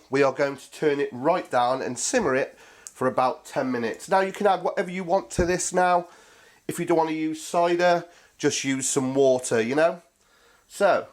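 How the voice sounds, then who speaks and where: A man hosting a cooking show, chatting casually and jokily to viewers as he cooks. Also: on the high side. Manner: chatty and jokey, talks to viewers as mates.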